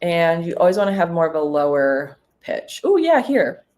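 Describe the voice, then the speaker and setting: A woman real estate broker chatting casually in a vlog between cold calls, relaxed and full of ums. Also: fairly low pitch, normal speed.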